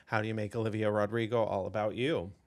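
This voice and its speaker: A man's voice: on the low side, little pitch movement, fast. A man co-hosting a comedic podcast who answers with dry, wry quips and mock-serious asides. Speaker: podcast co-host.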